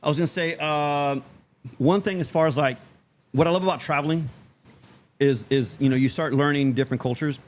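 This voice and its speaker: A man from Houston, Texas, a guest in a casual chat over drinks, talking loudly in a laid-back, slangy way. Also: on the high side, a little fast. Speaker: guest artist.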